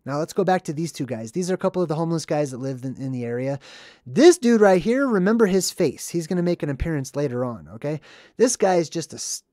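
A man's voice: on the high side, expressive, mellow, dry recording. Earnest male movie commentator, dry sound. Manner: earnest, emphatic, drawn-out stresses on key words. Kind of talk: casual commentary on a film.

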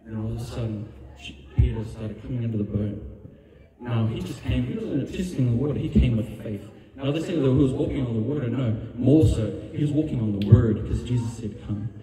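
A man's voice: mid-range voice, fairly quick, a crowd in the background. A man preaching an evangelist's sermon with passion, building to a fervent altar call and prayer. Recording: roomy hall reverb, distant mic. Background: music under the preaching.

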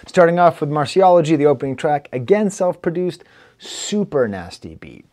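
A man with a Rochester, New York accent reviewing a rap album in casual talk, playful and animated as he recites and picks apart rhymes. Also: medium pitch, measured pace. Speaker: music reviewer.

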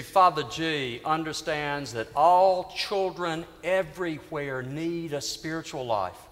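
A man priest preaching a sermon in a church, telling a story earnestly with dramatic pauses. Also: on the high side, a bit bright. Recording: reverberant church hall.

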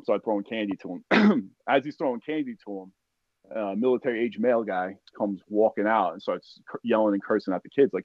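A man with a low voice recounts a war story as a podcast guest. He is casual and profane, acts out the shouts of the people around him, and fills his speech with "like" and "you know". The recording is dry and a little dull. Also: fast talker, dry recording. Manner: profane, animated retelling with acted-out quotes; heavy use of "like" and "you know". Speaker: podcast guest, army veteran.

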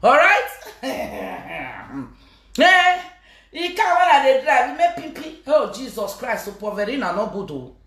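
A woman's voice: sits high, big pitch swings, unhurried, a bit bright. A woman with a Nigerian Pidgin English accent talking in a live-stream monologue, teasing her viewers, laughing and breaking into chants. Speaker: social media personality. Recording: echoey room.

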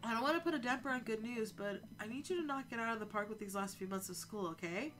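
A woman's voice: a little high, animated, fast talker, music in the background, lightly acted. A woman voicing a jokey, sentimental middle-aged father. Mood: earnest. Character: doting, corny middle-aged dad.

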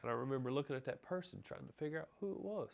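Gravelly-voiced man recalling events. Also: medium pitch, expressive, racing. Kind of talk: documentary interview recollection.

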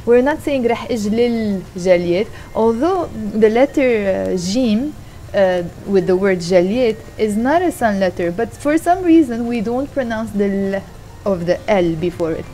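A woman's voice: mid-range voice, expressive, moderate pace, mellow, a little hiss or hum. A woman giving a casual vlog language lesson from her home kitchen while doing the dishes, patiently repeating and explaining each word. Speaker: language teacher.

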